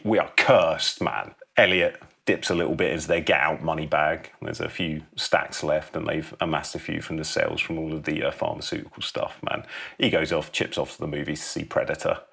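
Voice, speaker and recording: A man's voice: extremely low pitch, fairly even intonation, fairly quick, creaky, sharp tone, breathy edge. A man co-hosting a casual comedy chat, telling a story with lots of swearing and acting out the characters' lines. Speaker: podcast co-host pitching a film story.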